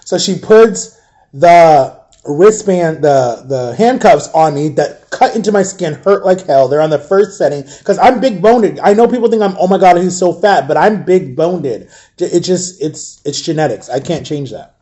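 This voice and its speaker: A man telling a rambling, animated personal story in a casual vlog. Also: on the high side, unhurried. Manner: rambling, animated, acts out quoted voices.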